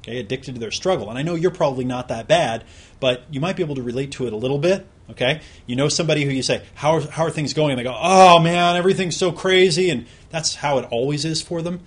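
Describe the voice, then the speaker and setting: Man, course instructor, slightly husky, chatty explainer who talks straight to the listener. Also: mid-range voice, fast talker. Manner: conversational, explaining with examples and direct questions to the listener. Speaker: self-help course instructor. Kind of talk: recorded productivity lesson.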